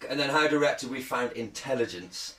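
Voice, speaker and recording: Animated man, bright and echoey. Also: mid-range voice, fast. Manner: swearing, joking, animated. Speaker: podcast co-host. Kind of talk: casual chat, reading a news article aloud.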